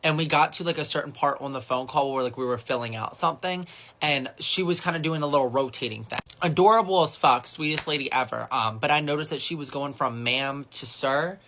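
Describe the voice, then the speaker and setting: A man who works in phone customer service tells a casual storytime with a sassy, chatty manner and a voice higher than most men's. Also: brisk, sharp tone, slight background noise. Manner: chatty and sassy, fills with 'like'.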